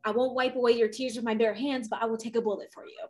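A woman's voice: a little high, level tone, fast, background noise. A woman co-hosting a podcast in casual chat, effusive and laughing often. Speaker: podcast co-host.

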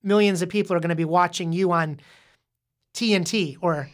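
A woman with a fairly low voice speaks at a moderate pace while hosting a casual podcast. She interviews a young child, patiently explaining things and quizzing the guest, and she restarts her words over and over.

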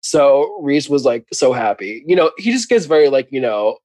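A man's voice: mid-range voice, moderate pace, dry recording. Dry-voiced man recapping a book. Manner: animated storyteller, laughs often. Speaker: podcast co-host. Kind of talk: casual book recap chat.

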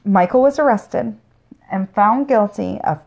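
A woman's voice: mid-range voice, unhurried, gravelly, a little mellow, dull audio. A woman co-hosting a casual podcast, telling a story in a joking, profane way. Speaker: podcast co-host. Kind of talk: casual true-crime chat.

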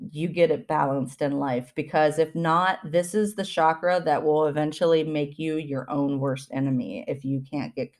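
A woman hosting a spiritual self-help podcast, talking earnestly with many fillers and restarts, and reading out affirmations slowly and deliberately. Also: low voice. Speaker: podcast host.

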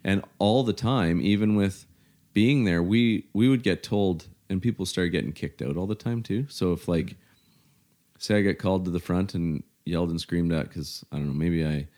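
A middle-aged man from Canada, telling his story in casual, halting conversation, full of "you know" fillers. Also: low voice, dark tone.

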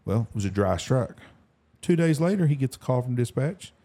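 Fast, blunt man, low mellow voice. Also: lively intonation. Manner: rapid, blunt, crude storytelling. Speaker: podcast host. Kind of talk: casual chat.

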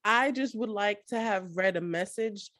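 A woman's voice: mid-range voice, measured pace, a bit bright. A young woman co-hosting a podcast in casual chat, blunt and emphatic, swearing freely. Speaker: podcast co-host.

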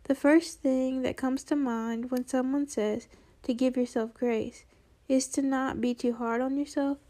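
A woman hosting a reflective solo podcast, a little nasal from allergies, speaking in a gentle, earnest way. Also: sits high. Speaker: podcast host.

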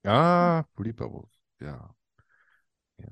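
Podcast host, man, ribbing his co-hosts, lively swooping pitch. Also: gravelly, no echo. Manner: teasing, profane, quick to laugh. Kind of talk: casual podcast banter.

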